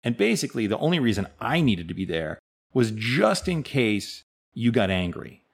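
A man with a somewhat low, husky voice leads a conversational interview as an executive coach. He sets up his questions in a relaxed, playful way. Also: normal speed.

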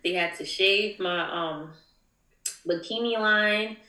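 A young woman giving an emotional personal testimony, halting with many ums and near tears at times. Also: medium pitch, bright, forceful tone, echoey room, poor audio. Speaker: guest.

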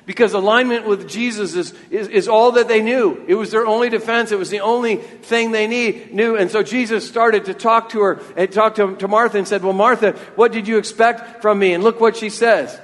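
A man's voice: high voice, fairly even intonation, moderate pace, few pauses, fairly bright tone. A man preaching a sermon from a church, earnest and talking freely, often repeating words as he restarts a thought. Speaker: pastor. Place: church sanctuary. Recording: long church reverb.

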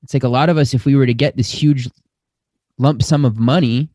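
This is a close, dry recording with no sense of a room around it. A spiritual teacher with a mellow, relaxed voice at middle pitch speaks earnestly and reflectively, slowing down to stretch out the words he stresses.

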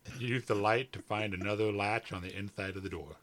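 A man's voice: lowish voice, fairly even intonation, brisk, a bit bright. A man reading a story aloud for a podcast, joking and laughing as he flubs his lines. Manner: playful, teasing, laughs through flubbed lines. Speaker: podcast co-host and narrator.

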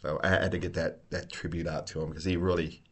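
Brief: middle-aged male host, deep voice, animated storyteller, salty language. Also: fairly quick, husky. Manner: animated storyteller, swears freely, laughs a lot. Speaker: podcast host, retired police officer. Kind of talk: casual storytelling chat.

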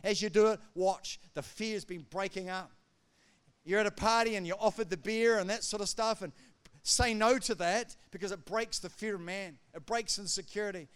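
A man preaching a sermon as pastor, emphatic, swinging between loud declarations and quiet asides. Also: sits high, moderate pace, smooth.

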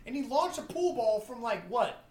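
A woman chatting casually about a movie, animated, swearing now and then and acting out lines in character voices. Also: a little high, normal speed. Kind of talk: casual movie review chat. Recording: echoey room.

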